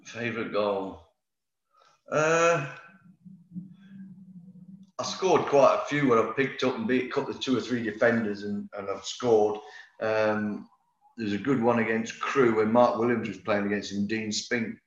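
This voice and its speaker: A man's voice: fairly low pitch, measured pace, pauses often. A middle-aged man, a former footballer telling rambling anecdotes in a casual interview, full of fillers and restarts. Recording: roomy, slightly dull sound.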